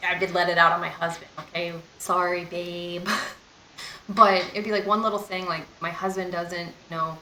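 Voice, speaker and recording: A woman's voice: fairly low pitch, flat delivery, moderate pace, sharp tone, reverberant, a little hiss or hum, poor audio. A young woman in a casual storytime vlog, talking candidly and rambling, with lots of "like" and "you know.". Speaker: vlogger.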